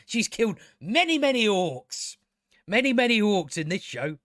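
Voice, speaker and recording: A man's voice: high-pitched, sing-song, moderate pace, fairly bright tone, dry recording, clean studio sound. A man reviewing a TV episode in a casual, sarcastic and exasperated rant, swearing freely. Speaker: TV show reviewer.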